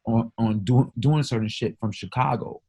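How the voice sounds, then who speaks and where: A man's voice: medium pitch, steady tone, moderate pace, mellow. A man talking in a casual podcast conversation, speaking emphatically, swearing freely, and mixing stories into his argument. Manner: emphatic, profane, storytelling.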